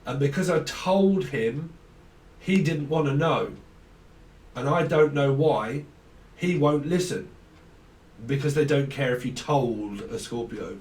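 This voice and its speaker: A man talks loosely through a tarot reading, jumping from one name to the next and breaking into laughs. His voice sits mid-range and sounds roomy, caught from a mic set well back. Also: medium pitch. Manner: rambling, free-associating, laughs often. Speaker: tarot reader. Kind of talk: casual tarot channelling. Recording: echoey room, mic at a distance.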